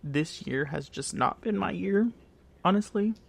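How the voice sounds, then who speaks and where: A woman co-hosting a casual podcast chat, playful and affirming with quick comebacks. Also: fairly low pitch, expressive, creaky. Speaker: podcast co-host.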